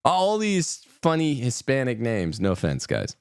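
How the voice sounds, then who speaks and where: A man's voice: medium pitch, wildly swooping pitch, a little slow, creaky, a little mellow, clean tone, no echo. A man hosting an opinionated news commentary show, reading headlines and adding sarcastic, mocking asides. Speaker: host.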